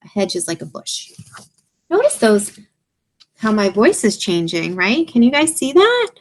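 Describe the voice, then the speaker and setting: Animated woman teacher reading aloud. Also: medium pitch, measured pace. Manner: animated, expressive, explains to kids. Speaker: kindergarten teacher. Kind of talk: reading a picture book aloud to children.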